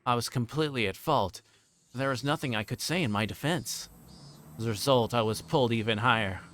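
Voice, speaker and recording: A man's voice: mid-range voice, a little fast, a bit bright, slight background noise. Man reading a visual novel aloud. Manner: plain narration with occasional stumbles and restarts. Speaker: streamer.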